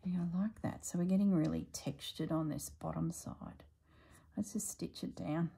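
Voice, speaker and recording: A middle-aged woman chatting casually while she stitches, thinking aloud and drifting into soft asides. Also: sits low, normal speed, vocal fry, breathy edge, low-quality recording. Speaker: slow-stitching vlogger.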